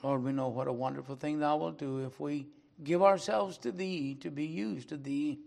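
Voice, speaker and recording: An older man preaching a sermon, speaking slowly and earnestly, then leading a prayer. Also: a little high, fairly even intonation, creaky. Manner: slow and earnest, rising to loud dramatic recitation. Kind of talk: sermon closing with a recited poem and prayer.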